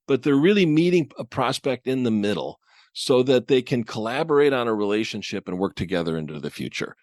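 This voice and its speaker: A man's voice: medium pitch, dry recording, clean studio sound. A man co-hosting a podcast in casual discussion, talking animatedly, chuckling often and acting out imagined dialogue. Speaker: podcast co-host.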